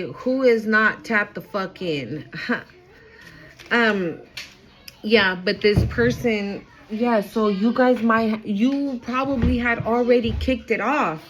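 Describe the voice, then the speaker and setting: Woman, casual spiritual reading, emphatic, chatty, excitable, swears casually, mid pitch. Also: low-quality recording. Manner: excitable, quick swings in loudness. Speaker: intuitive card reader.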